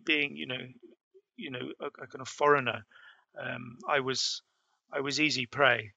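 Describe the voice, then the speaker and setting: A middle-aged man recalls his past journeys for an interviewer. His voice is bright and gravelly, with many fillers and restarts. The sound is close and dry. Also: medium pitch, steady tone, a little slow, no room sound. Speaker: interview guest. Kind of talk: storytelling in a conversation.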